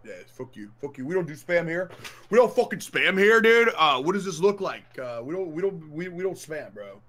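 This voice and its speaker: A man's voice: a little high, expressive, fairly quick. Swearing young man streaming a game. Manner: joking, swears a lot, blows up in mock rage. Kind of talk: casual gaming livestream banter. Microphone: headset. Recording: loud game noise behind the voice.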